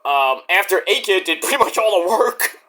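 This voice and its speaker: Animated, rambling male wrestling reviewer. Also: sits high, moderate pace. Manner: rambling, profane and digressive. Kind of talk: casual review vlog.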